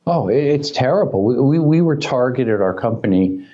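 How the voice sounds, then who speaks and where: A man's voice: mid-range voice, normal speed, dull audio. A man talking as a cybersecurity expert guest on a podcast, telling stories and acting out quoted dialogue. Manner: animated storyteller who acts out quoted dialogue. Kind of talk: conversational podcast interview.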